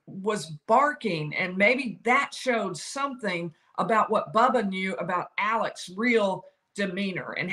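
Speaking alone at a medium pitch, an older woman comments on a legal matter, walking through both sides' arguments and quoting attorneys with lively emphasis.

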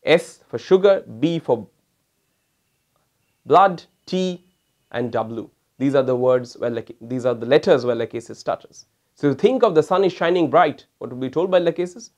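A man's voice: mid-range voice, animated, moderate pace, a little mellow, highs cut off. A man, a homeopathic doctor, giving a recorded lecture. He calls his listeners "my friends" and acts out how patients stammer.

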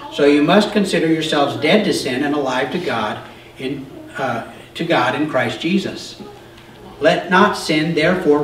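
Pastor preaching from a distance in a roomy church. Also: male voice, on the high side, slight background noise. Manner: explains scripture conversationally with frequent "okay?"; shouts emphatic points. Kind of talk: sermon. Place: church sanctuary.

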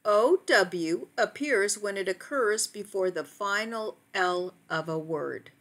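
A woman narrating a phonics lesson for teachers, speaking slowly and carefully as she walks through each word. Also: mid-range voice, a bit bright. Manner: slow, careful, deliberate word-by-word delivery.

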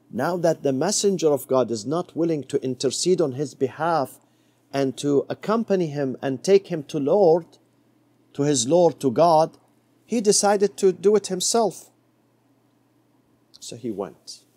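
Mellow-voiced male preacher telling a story. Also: expressive, measured pace, dry recording. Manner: storytelling, dropping to a soft low voice for quoted words. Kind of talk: sermon.

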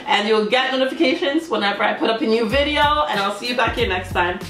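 A woman hosting a casual reaction video, excitable and quick to laugh, often trailing off mid-sentence. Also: on the high side. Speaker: YouTube reaction host. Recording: echoey room with faint music.

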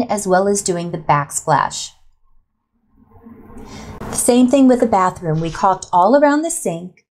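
A woman's voice: a little high, a little mellow. Upbeat woman DIY vlogger. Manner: chatty and upbeat, speaks directly to viewers. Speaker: DIY home crafts vlogger. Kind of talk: friendly tutorial voice-over.

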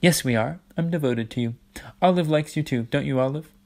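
A man's voice: a little high, a little fast, creaky, darkish tone. A man voicing a haughty, bossy teenage girl in a storybook reading, commanding and falsely sweet. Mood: imperious.

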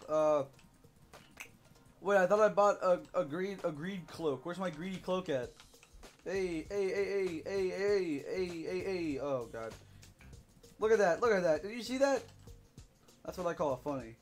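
A young man giving let's play commentary, excitable, whooping and shouting while he plays. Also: sits high, a little slow, long pauses, faint music behind. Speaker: gaming YouTuber.

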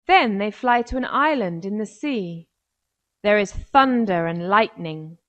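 Woman narrator for a kids' story, slow and clear, mid pitch. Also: lively intonation, fairly bright tone, lo-fi sound. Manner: slow, clear, carefully paced. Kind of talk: scripted narration for children.

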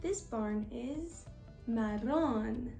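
A woman teaching little children, talking in a sing-song, coaxing way with big gasps and slow, deliberate repetition. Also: on the high side, vocal fry, warm tone. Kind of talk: children's educational talk. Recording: echoey room with faint music.

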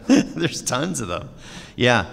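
A middle-aged man, a voice actor answering questions on a convention panel, self-deprecating and quick to laugh. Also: mid-range voice, wildly swooping pitch, vocal fry, fairly bright tone. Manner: self-deprecating, laughs often, acts out quoted remarks. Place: large convention hall. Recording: echoey hall.

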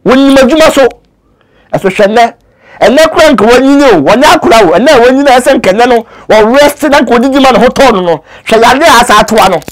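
Earnest Ghanaian man with a very high voice. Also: expressive, fast talker. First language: Twi. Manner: earnest, pleading, switches between languages. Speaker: actor. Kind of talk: casual interview talk.

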